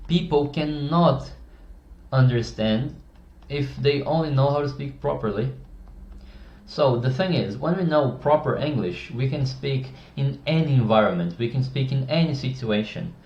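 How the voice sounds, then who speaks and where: A man's voice: mid-range voice, darkish tone. A man giving communication advice to camera in a casual, blunt, opinionated way, often restarting his sentences. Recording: echoey, dull-sounding room.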